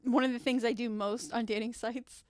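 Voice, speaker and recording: A woman hosting her own channel, retelling stories in a chatty, animated way full of rambling asides and self-corrections. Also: on the high side, moderate pace, dry recording, studio quality. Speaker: channel host. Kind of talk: chatty storytelling vlog.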